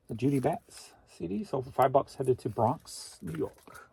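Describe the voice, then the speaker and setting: A man's voice: medium pitch, a little slow, creaky, a little mellow, husky. A man who resells online, talking casually to himself while packing orders. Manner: thinking aloud, muttering to himself.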